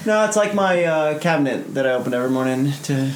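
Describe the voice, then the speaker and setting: A man's voice: on the high side, expressive, fast. A man with an Oklahoma country accent co-hosting a podcast in casual chat at home, dry and easygoing. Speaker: podcast co-host. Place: home room, man cave. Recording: echoey room.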